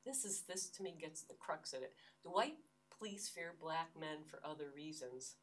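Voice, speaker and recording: A woman's voice: low-pitched, animated, normal speed. An older American woman giving an academic lecture, earnest and emphatic, often restarting her phrases. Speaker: university lecturer. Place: lecture hall. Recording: distant lecture-hall recording.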